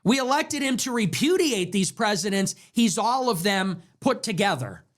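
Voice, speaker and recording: A man's voice: high-pitched, big pitch swings, moderate pace. A young man hosting a political show, delivering a heated monologue full of repeated rhetorical questions. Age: young adult. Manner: ranting, repetitive rhetorical questions.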